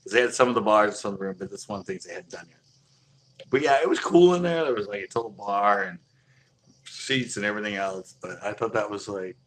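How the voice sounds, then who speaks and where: Rambling man, bright low voice. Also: brisk, a little hiss or hum. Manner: rambling, many "like" fillers, chuckles as he tells it. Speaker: storyteller. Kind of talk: casual rambling anecdote.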